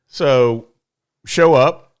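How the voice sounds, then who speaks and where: A man's voice: medium pitch, extremely slow, smooth. A man telling a story in casual chat, with frequent restarts and asides. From Texas. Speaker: podcast guest.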